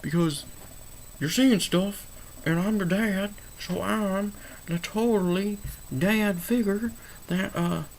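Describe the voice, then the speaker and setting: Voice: mid-range voice, takes it slowly, a little hiss or hum, pitched above the performer's own voice, rough recording. A vlogger putting on an exaggerated, over-the-top accent to play a blustering dad figure who keeps repeating himself. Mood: mocking. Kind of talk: mocking impression within a movie review.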